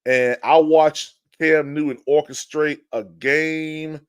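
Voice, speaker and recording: Excitable man hosting a fan podcast. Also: fairly high pitch, unhurried, clean tone, no echo. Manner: animated storytelling with many restarts, greets chat viewers. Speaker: podcast host. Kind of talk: casual live-stream chat.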